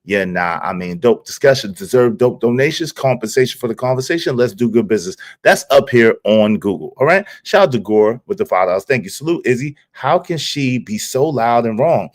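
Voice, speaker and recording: Brief: a man livestream host, casual slangy commentary, animated reactions. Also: medium pitch, brisk, few pauses. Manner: animated, slangy, laughs at clip.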